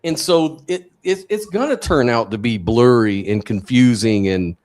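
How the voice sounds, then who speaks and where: A man's voice: mid-range voice, expressive, measured pace, darkish tone. A man in a live debate explaining his point through an imagined scenario. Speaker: debate panelist.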